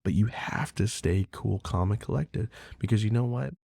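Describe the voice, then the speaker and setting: A man's voice: fairly low pitch, normal speed, vocal fry, warm tone, slightly rough, no echo, studio quality. A man hosting a podcast, talking casually and candidly in a rambling way, swearing freely with lots of fillers. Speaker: podcast host. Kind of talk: casual monologue.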